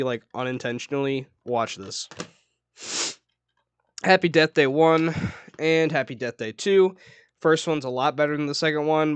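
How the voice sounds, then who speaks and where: A man's voice: medium pitch, fairly bright tone, no room sound. A young man chatting casually about his movie collection, rambling and correcting himself, often laughing. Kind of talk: casual chat.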